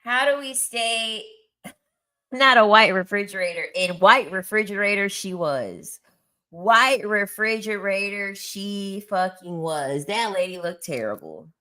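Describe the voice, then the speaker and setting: A woman in her thirties tells a story in casual chat, blunt and crude as she mocks people. Her voice is bright and forceful, at a middling pitch. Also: animated, unhurried. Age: 30s. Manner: blunt, crude and mocking, with frequent laughs. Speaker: content creator.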